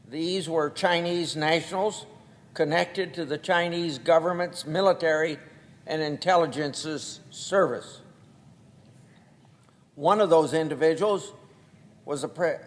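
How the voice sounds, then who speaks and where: Older man, senator, formal floor speech, very slow halting delivery, slightly high voice, long hall reverb. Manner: slow, deliberate, halting delivery with marked quotes. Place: large legislative chamber.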